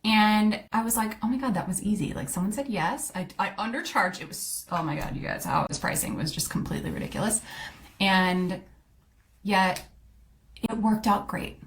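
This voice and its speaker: A middle-aged woman with a lilt talks through her own story on a podcast. Her pitch sits in a middling range. She is candid and chatty, full of fillers, and she keeps acting out what she once said to herself. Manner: chatty, candid, fillers and quick self-quotes. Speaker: podcast host, coach. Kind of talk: casual personal storytelling.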